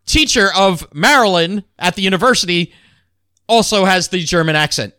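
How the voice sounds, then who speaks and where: A man's voice: sits high, expressive, moderate pace, pushed and bright, clean tone, no echo, studio quality. A man co-hosting a podcast in casual chat, hesitant with fillers and full of trivia. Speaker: podcast co-host. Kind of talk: casual chat about old sitcoms.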